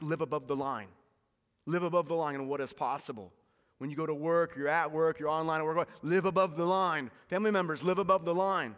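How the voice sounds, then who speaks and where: Animated preacher man in a reverberant hall. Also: on the high side. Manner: animated storytelling preacher, repeats key lines. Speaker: pastor. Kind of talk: sermon. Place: church hall. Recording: long reverb of a church hall.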